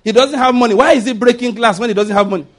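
Emphatic high-voiced preacher man. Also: racing. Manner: emphatic, repeats questions to the congregation, swings between loud and hushed. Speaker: pastor. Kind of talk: sermon.

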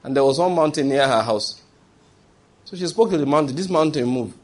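A male preacher delivering a sermon in a husky voice. He speaks with emphasis and often throws a question to the congregation before answering it himself. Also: fairly high pitch, lively intonation, brisk.

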